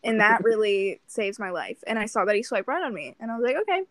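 A woman's voice: medium pitch, very animated, quick pace, dry recording. A young woman co-hosting a podcast, telling a dating story in casual chat, swearing often and acting out both sides of the dialogue. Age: young adult. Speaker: podcast co-host.

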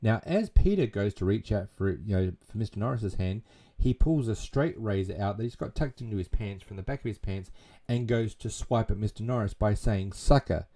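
A man's voice: on the low side, animated, fairly quick, warm tone. A man casually retelling a movie plot and reviewing it, rambling with plenty of fillers and restarts.

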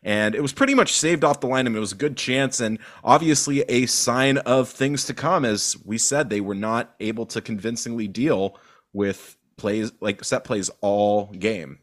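Guy on a football podcast, animated, lots of "you know", normal pitch. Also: normal speed. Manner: animated, loose, many fillers. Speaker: podcast co-host. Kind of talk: casual football podcast chat.

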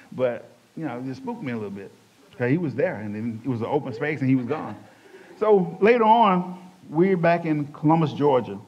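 A man, a pastor telling his testimony in an animated, colloquial way, acting out the quotes. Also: medium pitch. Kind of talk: personal testimony storytelling. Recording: dull lo-fi recording.

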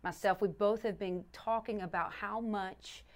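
A woman's voice: mid-range voice, fairly even intonation, unhurried. Earnest middle-aged woman teaching scripture. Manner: earnest, restarts often, repeats scripture with stress on each word. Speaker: pastor's wife and podcast co-host. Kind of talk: casual faith podcast teaching.

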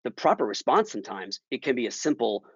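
A man's voice: medium pitch, big pitch swings, quick pace, fairly bright tone, breathy edge, no room sound, dull audio. A man as a podcast guest, speaking thoughtfully and emphatically with many restarts. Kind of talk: casual conversational interview.

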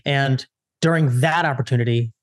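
A young man from the Chicago area, a social media strategist, telling a story casually in an interview with lots of quick retellings and restarts. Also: mid-range voice, no echo, clean studio sound. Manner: animated, lots of "I'm like" retellings, fast restarts.

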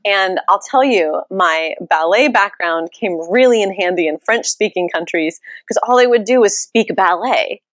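A woman's voice: medium pitch, normal speed, hardly any pauses, no room sound. An American woman in her thirties, a pole studio owner, talking in an upbeat, friendly way as a podcast guest. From United States. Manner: upbeat and friendly, with many ums. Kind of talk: casual interview chat.

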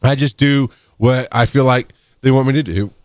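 A middle-aged man tells work stories over a close, dry microphone. He rambles, restarts his sentences, and lifts into a higher voice to mimic the people in his stories. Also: steady tone, normal speed, darkish tone, no room sound. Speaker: podcast co-host, EMS worker. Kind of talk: casual storytelling chat. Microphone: studio microphone.

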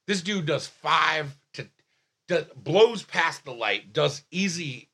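New guy telling a comedy story, gravelly and bright, swears a lot, trips over himself. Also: fairly high pitch, slow pace. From Staten Island, New York. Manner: animated, profane, many restarts and filler words. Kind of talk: casual podcast storytelling.

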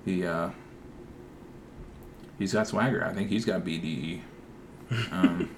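A man co-hosting a podcast in casual chat, dry and deadpan, moving things along to the next email. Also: deep voice, slow, a little hiss or hum. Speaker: podcast co-host.

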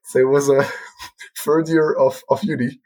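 A young man guest on a podcast, hesitant with many restarts, animated when telling a story. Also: medium pitch, a little slow. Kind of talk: casual storytelling.

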